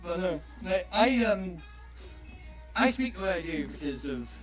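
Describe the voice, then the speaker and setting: A man's voice: sits high, big pitch swings, unhurried. A man from southeast England with an English accent, chatting casually in a carefully enunciated, slightly pompous way. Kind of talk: casual chat on a stream. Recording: music playing behind.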